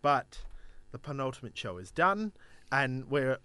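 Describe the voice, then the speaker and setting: A man's voice: mid-range voice, sing-song, unhurried, pushed and bright, clear, resonant tone, no room sound. An Australian man hosting breakfast radio, upbeat and chatty with an announcer's lift. His voice sits mid-range and the studio sound is close and dry. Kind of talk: casual radio banter.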